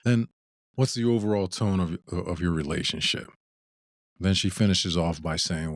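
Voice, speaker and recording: Deep-voiced man hosting a talk show. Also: steady tone, normal speed, dry recording, studio quality. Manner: thoughtful, many restarts and repeated words. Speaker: podcast host. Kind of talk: casual discussion.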